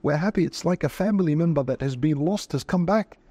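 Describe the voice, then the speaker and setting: A man's voice: fairly high pitch, a little fast, mellow, no echo. A man, a religious scholar, answering interview questions in an earnest, preaching way and quoting scripture.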